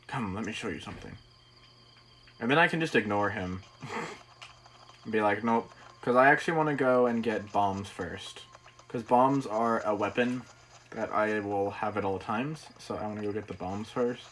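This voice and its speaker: A man's voice: on the low side, moderate pace, fairly bright tone, low-quality recording. A man streaming a video game, talking casually and laughing at his own mistakes. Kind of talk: casual gameplay commentary.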